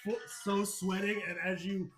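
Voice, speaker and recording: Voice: mid-range voice, little pitch movement, moderate pace. A game master narrating a tabletop game, laughing often and swearing casually. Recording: loud background music.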